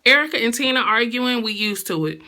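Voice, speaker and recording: A woman's voice: fairly high pitch, animated, fairly quick, bright, forceful tone. A woman recapping a reality show in a sassy, blunt, slangy gossip style.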